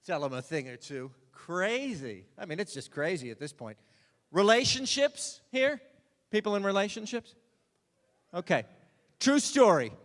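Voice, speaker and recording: A man's voice: high-pitched, sing-song, measured pace. A man doing stand-up comedy on a theatre stage, rambling in mock outrage and repeating stock complaints. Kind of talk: stand-up parody of a vague edgy comic. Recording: live theatre hall reverb.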